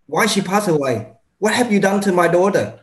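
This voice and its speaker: A man acting as an upset grieving mother, high voice, loud insistent demands, roomy echo. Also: animated, normal speed. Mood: angry, distraught. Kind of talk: medical role-play.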